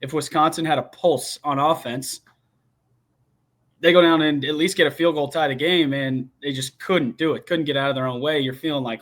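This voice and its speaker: Young man, casual sports talk, rambling, restarts often, somewhat high voice. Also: steady tone, normal speed, a bit bright. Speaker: guest football commentator.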